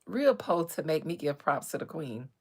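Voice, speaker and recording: A woman's voice: low-pitched, sing-song, moderate pace, a little mellow, breathy edge. A woman hosting a live stream, ranting in a blunt, slangy, profane and sassy way. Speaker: livestream host.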